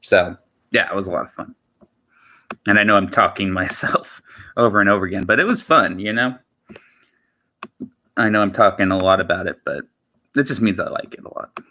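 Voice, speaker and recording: A man's voice: low-pitched, moderate pace, long pauses, bright, forceful tone, slight background noise. A man chatting casually on his livestream, rambling and repeating himself with lots of filler words. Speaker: streamer.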